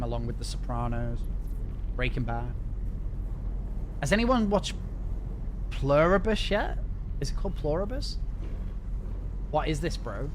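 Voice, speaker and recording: A man from the north of England with a northern English accent, chatting casually and jokily on a gaming livestream, talking fast with frequent restarts. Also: mid-range voice, noisy background. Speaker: streamer.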